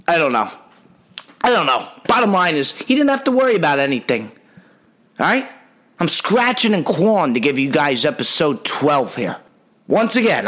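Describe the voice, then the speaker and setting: A man's voice: on the high side, lively intonation, normal speed, a bit bright. A young adult man hosting a comedy podcast, telling rambling, profane stories in a brash, joking way. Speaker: podcast host.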